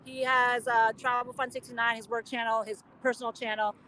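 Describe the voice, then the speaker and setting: Lao-born woman, native Lao speaker, chatty live-stream vlogger outdoors, slightly high pitch. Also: flat delivery, fairly quick, sharp tone, a little hiss or hum. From Laos. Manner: chatty, reads and answers viewer comments. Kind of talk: casual chat while live streaming. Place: outdoors on city streets.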